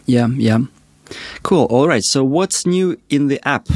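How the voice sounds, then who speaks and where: A man co-hosting a podcast in casual chat, halting with many restarts and frequent chuckles. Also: medium pitch, lively intonation, no room sound, studio quality. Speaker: podcast co-host.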